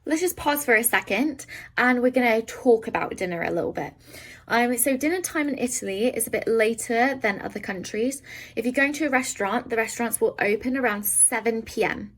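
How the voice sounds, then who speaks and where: A woman teaching a beginner Italian lesson, explaining words in English and sounding out each Italian word slowly and carefully. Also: on the high side, fairly bright tone, low-quality recording. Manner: slow careful pronunciation of foreign words.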